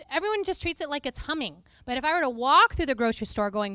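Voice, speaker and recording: A woman preacher giving a lively, playful teaching talk to a congregation, often breaking into sung and spoken snippets. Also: sits high, quick pace, few pauses, dry recording, clean studio sound.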